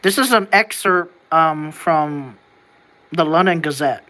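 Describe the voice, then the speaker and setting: A vlogger thinks out loud to the camera in a loose, wandering way. Sentences stop and restart as the questions pile up, with the odd curse thrown in. The voice is bright and sharp-edged. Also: mid-range voice, slow pace. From United States. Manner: rambling and wondering aloud, with frequent restarts and casual swearing. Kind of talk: casual musing to camera.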